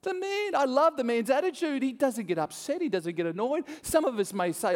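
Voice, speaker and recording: A man's voice: extremely high pitch, brisk, few pauses. A man preaching a sermon, telling a story with acted-out voices and frequent laughs. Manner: animated storytelling, acts out voices, laughs often. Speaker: pastor. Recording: long hall reverb.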